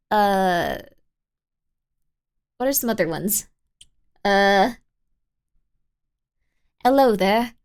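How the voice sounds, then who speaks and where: A woman's voice: mid-range voice, very slow, pauses often, clean tone. A young woman hosting a live stream, chatting casually and reading viewer messages in a bubbly, rambling way full of fillers. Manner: bubbly and rambling, filler-heavy with frequent 'like'. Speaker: livestream host.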